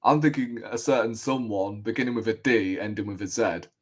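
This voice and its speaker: A man's voice: fairly low pitch, a little fast, slightly rough. A man on a casual football podcast, laid-back and teasing, using slang like "bro". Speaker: podcast panelist.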